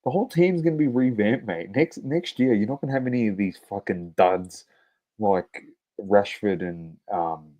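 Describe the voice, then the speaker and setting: Male podcast co-host, low warm voice, blunt swearing football banter. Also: moderate pace, muffled recording. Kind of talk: casual sports chat.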